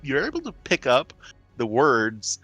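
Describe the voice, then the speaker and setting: A man narrating a tabletop game as game master, often halting and repeating words as he describes scenes. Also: mid-range voice, wildly swooping pitch, pushed and bright, faint music behind. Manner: halting, repeats words, laughs between lines.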